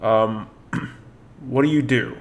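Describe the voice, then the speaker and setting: A man guides his players through a dungeon as a tabletop game master. He talks in a loose, unhurried way, stopping often for fillers and false starts. His pitch sits in an ordinary middle range. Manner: relaxed, halting narration with many fillers. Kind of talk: narrating a tabletop game on a live stream.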